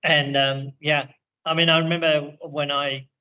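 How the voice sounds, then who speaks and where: A man's voice: on the high side, flat delivery, unhurried, smooth, lo-fi sound. A man on a video call at evening, talking casually and rambling with many restarts about spiritual teaching and regression work. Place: indoors in India, evening.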